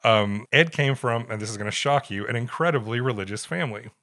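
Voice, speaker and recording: Here a man co-hosting a podcast talks a little fast, his medium-pitched voice pushed and bright. Wry and casual, he narrates a story and performs quotes in put-on voices.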